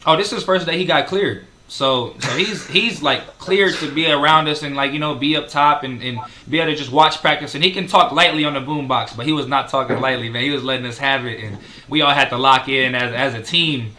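A man's voice: medium pitch, fairly quick, hardly any pauses, sharp tone, a little hiss or hum. A young man, a college basketball player, talking casually in an interview, with many fillers. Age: young adult.

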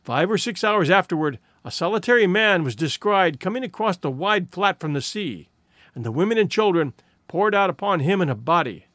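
A man narrating a classic short story in an expressive storytelling delivery. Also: high voice, normal speed, no room sound, clean studio sound. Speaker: audiobook narrator.

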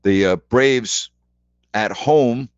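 A man's voice: medium pitch, extremely slow, clean tone, no echo, dull audio. A man hosting a sports radio call-in show, rambling chattily through scores and rhetorical questions. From New York.

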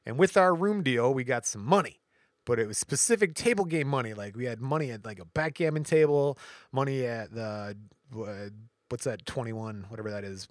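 A podcast co-host, a man with a mid-range voice, tells a long anecdote at normal speed in casual chat. He's an animated storyteller who acts out the quotes and voices of the people involved. The sound is studio quality with no echo.

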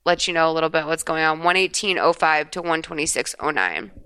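A woman's voice: low-pitched, animated, fairly quick, pushed and bright, soft background music. A woman podcast host casually recapping a TV episode, chatty and swearing freely as she retells scenes.

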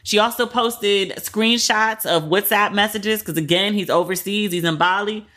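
A woman hosting a podcast, casually retelling celebrity drama in a candid, profane, animated way. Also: medium pitch, normal speed. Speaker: podcast host. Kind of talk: casual celebrity gossip commentary.

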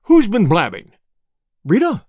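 A man's voice: sits high, wildly swooping pitch, unhurried, no room sound, clean studio sound, voice pushed up, exaggerated voice. A man reading an audiobook, voicing a bullying middle-aged businessman who snarls out his suspicious questions. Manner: snarling, forceful, impatient.

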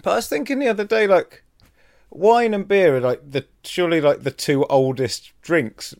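A man's voice: a little high, moderate pace, a little mellow, no room sound. Dry-sounding man chatting. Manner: rambling, self-mocking storyteller. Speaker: podcast co-host. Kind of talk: casual chat.

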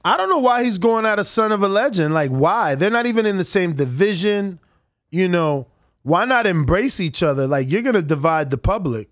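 A man co-hosting a casual boxing talk show, chatting in an animated, conversational way. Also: high voice, normal speed, no room sound, studio quality. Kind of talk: casual sports chat.

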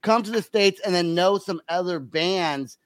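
A man with a Southern American accent hosting a podcast, excitable, laughing a lot and swearing casually. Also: sits high, measured pace. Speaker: podcast host. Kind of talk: casual chat.

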